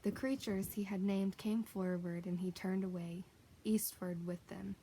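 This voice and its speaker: A woman's voice: mid-range voice, steady tone, measured pace, dark tone, slight background noise, poor audio. Woman reading a children's novel aloud. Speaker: reader.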